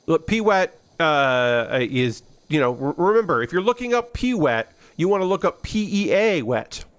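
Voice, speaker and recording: A man's voice: fairly high pitch, big pitch swings, measured pace. A man streaming a game, chatting casually and rambling with many fillers and restarts. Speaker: gaming streamer. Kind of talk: casual gameplay commentary.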